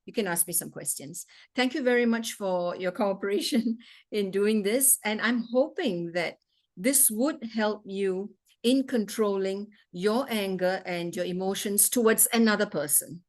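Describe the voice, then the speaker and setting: A woman's voice: medium pitch, unhurried. Woman doctor giving an emphatic talk. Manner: emphatic, repeats rhetorical questions. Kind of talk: interactive health talk with Q and A.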